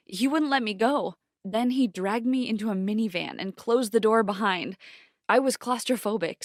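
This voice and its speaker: A woman's voice: mid-range voice, dry recording, clean studio sound. A woman reading a scripted first-person story aloud with dramatic delivery. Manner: dramatic, yells out quoted lines.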